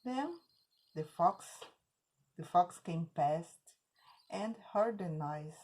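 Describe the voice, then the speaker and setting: A woman teacher with a Brazilian Portuguese accent telling a children's story in English, slow and emphatic. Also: on the low side, expressive, darkish tone. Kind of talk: storytelling for learners.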